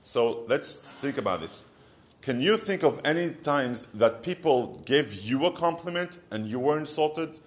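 A man's voice: mid-range voice, expressive, unhurried. A middle-aged man with an Israeli accent giving a short, conversational advice talk, asking rhetorical questions with light humor. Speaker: marriage counselor.

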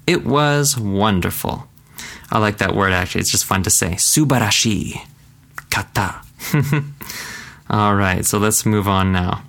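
Relaxed man with a gravelly low voice. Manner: relaxed, chatty, repeats phrases slowly for practice. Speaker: language teacher. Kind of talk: casual language lesson.

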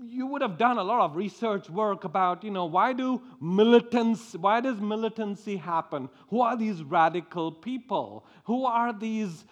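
A man preaching a sermon, speaking slowly with frequent repeated restarts. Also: high voice, expressive, lo-fi sound.

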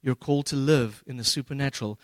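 A man preaching a sermon as pastor, retelling scripture in a relaxed, humorous way with slangy paraphrases. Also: medium pitch, quick pace, no echo.

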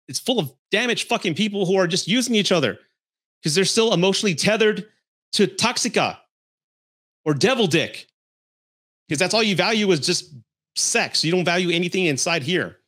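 A high-pitched, very animated male voice, fairly bright and a little fast, belongs to a casual dating-advice podcast host. He rants bluntly with lots of swearing and frequent laughs, scolding heatedly.

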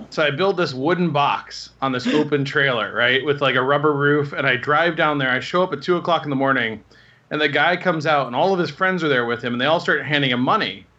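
A man in his thirties rattles off anecdotes with lively, rambling energy and acts out the people in them. His voice is bright and a little high. The recording sounds dull and lo-fi. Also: brisk. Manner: rambling, animated anecdotes with acted quotes. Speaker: guest telling stories. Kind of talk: casual storytelling.

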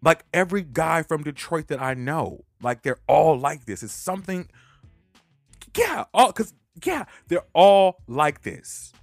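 A man's voice: measured pace, gravelly, no echo, soft background music. A man hosting a podcast and telling a long story casually, frank and profane, laughing as he talks. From Los Angeles. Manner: animated, swings into loud high-pitched quoted voices. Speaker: podcast host.

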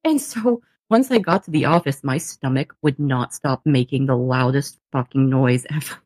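A young woman co-hosting a podcast, telling a story in casual chat, animated, laughing often and swearing freely. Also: rumbling low, moderate pace. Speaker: podcast co-host.

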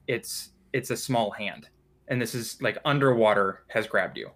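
Male game master narrating a tabletop game, relaxed and descriptive. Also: on the low side, a little slow. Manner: loose, descriptive, with fillers and restarts.

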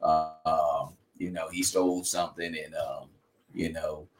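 A man's voice: a bass voice, fairly even intonation, measured pace, soft background music. A man in his fifties, a podcast host telling stories and giving folksy, preachy encouragement. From United States. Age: 50s. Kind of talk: faith-based casual talk. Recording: roomy echo.

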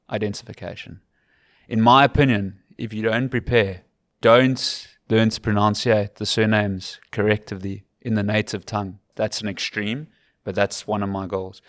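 A man with an English South African accent, a rugby commentator talking as an interview guest in a measured, methodical way. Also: on the low side, no echo, clean studio sound. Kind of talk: casual interview chat.

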